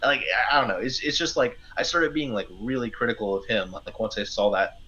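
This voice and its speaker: A man joins a casual live-stream chat as a guest, his speech halting and conversational. His audio comes through slightly dull and lo-fi, with a middle-pitched voice. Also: expressive, bright, forceful tone. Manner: hesitant, many fillers and restarts, conversational.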